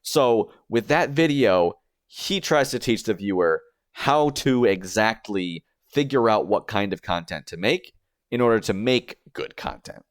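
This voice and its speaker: Young adult male streamer, scripted video-essay narration, somewhat low voice, dry close recording, methodical explainer. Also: lively intonation, measured pace, smooth, dry recording. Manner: explanatory, step-by-step. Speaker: streamer and YouTuber.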